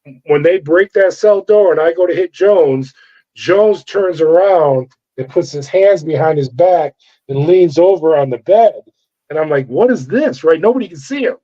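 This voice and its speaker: Middle-aged man, former guard, animated yarn-spinner; mellow, slightly raised pitch, lo-fi audio. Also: measured pace. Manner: animated storyteller acting out dialogue. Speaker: former corrections officer. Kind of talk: storytelling interview. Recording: dull lo-fi sound.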